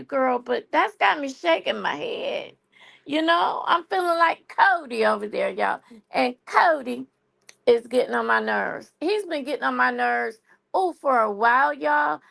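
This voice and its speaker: A woman's voice: high voice, gravelly, a bit bright. A woman hosting a live stream, chatting casually about a TV show and saying y'all a lot. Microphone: phone.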